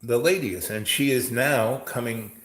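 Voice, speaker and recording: A man's voice: medium pitch, normal speed, fairly bright tone, echoey room, poor audio. A man hosting a rambling, chatty monologue and telling stories. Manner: chatty, storytelling, mimics others in raised voice. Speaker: host.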